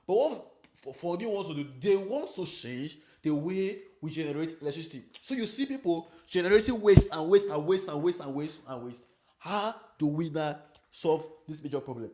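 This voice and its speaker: A man with a noticeably accented English voice, pitched a little high for a man. He talks straight to the viewer in an earnest, repetitive way, offering casual advice. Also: warm tone, poor audio. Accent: non-native English accent. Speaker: crypto commentator. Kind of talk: casual advice talk to camera.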